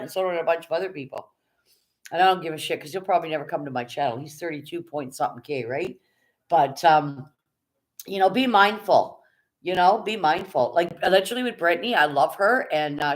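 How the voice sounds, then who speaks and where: A live streamer giving blunt, casual commentary, swearing freely and talking straight to the chat. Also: mid-range voice.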